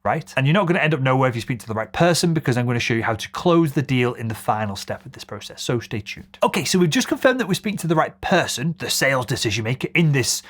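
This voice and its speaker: Upbeat man, sales coach explaining cold calls, animated delivery. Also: medium pitch, quick pace, few pauses. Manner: energetic, acts out cold-call lines with a bright upward lilt. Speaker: sales trainer. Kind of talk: scripted sales lesson to camera.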